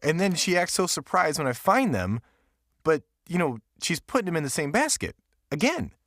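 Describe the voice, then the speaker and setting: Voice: mid-range voice, sing-song, moderate pace, a bit bright, dry recording, clean studio sound. A voice actor playing a young pet dog that teases its owner in an ad. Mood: amused teasing. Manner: chatty, amused, teasing. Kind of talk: ad voice-over.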